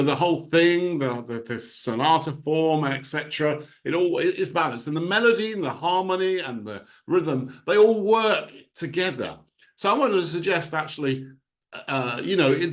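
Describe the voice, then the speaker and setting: A man, a composer, giving an informal spoken talk on music, thinking aloud and humming rhythms as da-da-da. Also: fairly high pitch.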